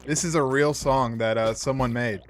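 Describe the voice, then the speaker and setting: A man's voice: mid-range voice, steady tone, normal speed, slight background noise. A young man co-hosting a talk radio show, explaining things casually with lots of "like" and laughing easily. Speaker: radio co-host.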